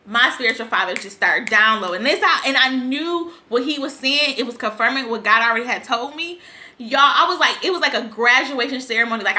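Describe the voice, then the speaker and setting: A woman's voice: on the high side, sharp tone. A woman vlogger telling a personal story, tearful and rambling, laughing through her tears.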